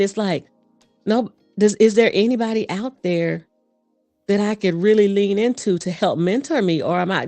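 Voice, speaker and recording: A woman guest, a voice coach and performer, speaking in an animated, fast storytelling manner in a casual interview. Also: mid-range voice, no room sound, faint music behind.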